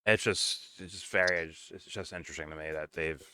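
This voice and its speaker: A man's voice: low voice, fairly even intonation, brisk, pushed and bright, slight background noise. A man co-hosting a casual political commentary show, talking bluntly and sarcastically with frequent swearing. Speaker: podcast co-host.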